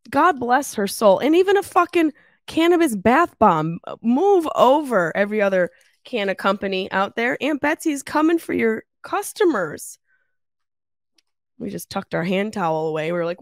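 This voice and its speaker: A woman in her thirties hosting her own podcast with a stuffy nose from a cold, chatting in a lively, swearing, joking way from her mother's house on a travel mic. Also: fairly high pitch, normal speed, pauses often, dry recording, clean studio sound. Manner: animated, swearing, laughing storyteller. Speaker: podcast host. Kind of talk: casual solo podcast chat. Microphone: travel mic without pop filter.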